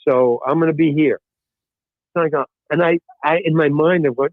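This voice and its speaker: A man, an actor and guest, telling an anecdote in a lively way, acting out the other people in his story and swearing casually. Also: fairly high pitch, brisk, gravelly, no room sound. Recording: tinny phone-like line.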